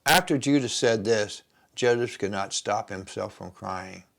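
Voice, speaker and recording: Gravelly-voiced man teaching Bible study. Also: lowish voice, unhurried, fairly bright tone. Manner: folksy, retells scripture in plain words with asides. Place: kitchen.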